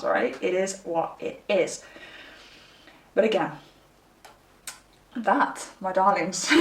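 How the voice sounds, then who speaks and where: A woman's voice: mid-range voice, reverberant, recorded from a distance. A young woman chatting candidly to her viewers while giving a pick-a-card tarot reading. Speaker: tarot reader.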